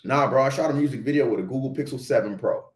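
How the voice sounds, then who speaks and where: A man's voice: mid-range voice, fast talker. A young man with a Haitian accent tells a story on a livestream, talking emphatically in slang and often checking in with "right?". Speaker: videographer telling a story on a livestream. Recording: roomy echo.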